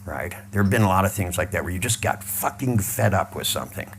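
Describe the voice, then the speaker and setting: A man leading a live audience through a mental exercise, mixing blunt swearing with calm repeated cues. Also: low-pitched, quick pace, slight background noise. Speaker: seminar trainer.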